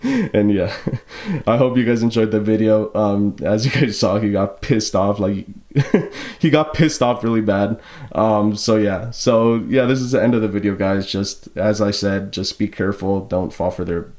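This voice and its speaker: A man's voice: fairly low pitch, a little mellow. A young man from the United States vlogging casually to camera, laughing and exasperated, rambling with fillers. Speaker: YouTuber. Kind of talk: casual vlog talk to camera.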